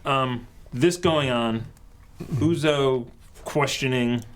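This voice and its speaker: A man's voice: mid-range voice, very slow. A man narrating as dungeon master, describing scenes and laughing often. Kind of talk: narrating a tabletop game.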